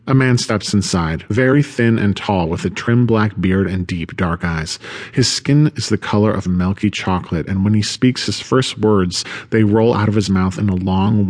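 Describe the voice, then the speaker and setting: A man narrating a first-person audiobook story in a low-key, subdued way. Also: normal speed, darkish tone.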